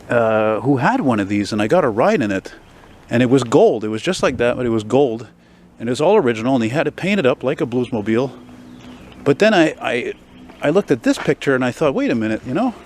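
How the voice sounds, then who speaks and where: His pitch is medium but swings widely, and he talks a little fast over a faint hiss or hum. The speaker is a Montreal man in his forties who vlogs about classic cars, chatting casually to camera on a city street about an old car and using many fillers.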